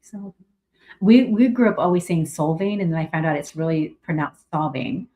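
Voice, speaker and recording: A middle-aged woman from California hosting a casual livestream chat. She rambles through her talk with plenty of fillers and restarts and turns bright and effusive when she greets viewers. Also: lowish voice, moderate pace. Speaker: livestream host.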